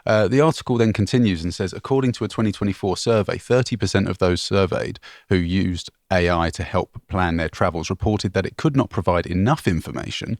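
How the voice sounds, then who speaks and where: A man's voice: lowish voice, no echo, clean studio sound. A man co-hosting a travel podcast, reading out an article and asking his co-host questions. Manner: reads articles aloud and asks questions. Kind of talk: casual chat.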